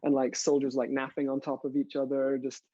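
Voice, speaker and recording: A man's voice: medium pitch, completely flat delivery, a little fast, warm tone, slightly rough, no echo, dull audio. A young man from France, a guest actor, talking casually and enthusiastically with many fillers. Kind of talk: casual interview chat.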